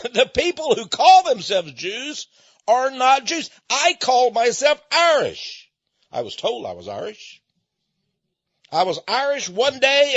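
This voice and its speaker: A man's voice: high voice, a bit bright, no room sound. A man giving an emphatic, preaching-style monologue, stretching out key words, repeating himself and chuckling now and then. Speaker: speaker addressing listeners. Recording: dull lo-fi recording.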